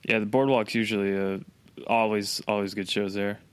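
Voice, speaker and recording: A man hosting a podcast, chatting casually and adding short, relaxed replies. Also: lowish voice, normal speed, smooth, dry recording. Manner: relaxed, brief agreeing replies. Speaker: podcast host. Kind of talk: casual chat.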